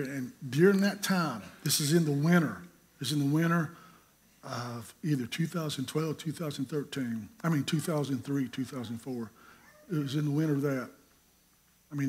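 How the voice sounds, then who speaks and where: A middle-aged preacher from North Carolina, his voice sitting a touch higher than most men's. He tells his story in an animated, joking way, acting out every quote. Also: a little hiss or hum. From North Carolina, USA. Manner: animated, humorous, acts out quotes. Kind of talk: sermon storytelling.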